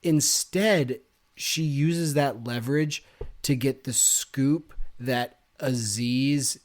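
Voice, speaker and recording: A man's voice: mid-range voice, drawn-out words. Sarcastic man ranting about a book. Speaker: podcast co-host. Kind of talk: casual book-club discussion.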